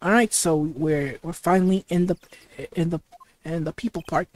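A let's play host reading game dialogue and commenting, with halting, heavy stuttering. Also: medium pitch, fairly even intonation, a little mellow, dry recording.

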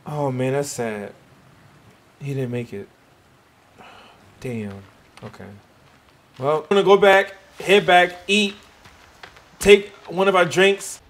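A man's voice: on the high side, fairly even intonation, takes it slowly, pauses often, fairly bright tone. A man giving let's-play commentary on a survival game, jumpy and swearing, talking to himself as he goes. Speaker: gaming YouTuber.

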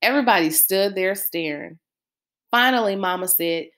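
A woman reading a novel aloud with expressive storytelling. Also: mid-range voice, normal speed. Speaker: reader.

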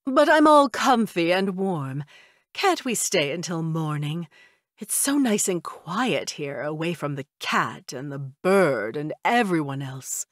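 A motherly female vampire speaks slowly and warmly, drawing out her words, as a woman narrator puts her on. Her voice sits a little higher than the narration. The storybook reading is close and dry. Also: very animated, dry recording, exaggerated voice. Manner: warm, drawn-out and motherly. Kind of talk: audiobook character voice.

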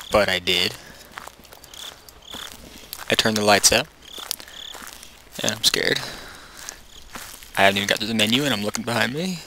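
A young man commentating a horror game, nervous and jittery, often going hushed, then bursting into panicked repeated words. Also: on the low side. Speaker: gaming YouTuber. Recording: noisy home mic recording.

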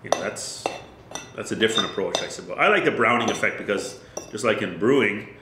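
A man's voice: on the low side, lively intonation, fairly quick. An Irish brewmaster, a man, chatting casually as a guest and explaining things thoughtfully with plenty of fillers. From Ireland. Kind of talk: casual chat. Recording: roomy echo, faint noise.

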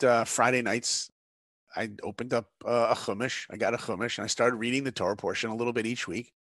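A man's voice: medium pitch, fairly bright tone, no echo, studio quality. A middle-aged man, a guest on a conversation show, telling a story in an earnest, preacher-like way and asking his listeners rhetorical questions. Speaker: guest, animation director.

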